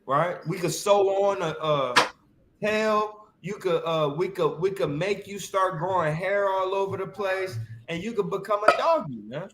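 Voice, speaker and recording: Brief: high-pitched male Bible talk host, slangy and lively, echoey room with faint hiss. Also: unhurried. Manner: slangy and animated, keeps asking "right?". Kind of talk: casual religious discussion.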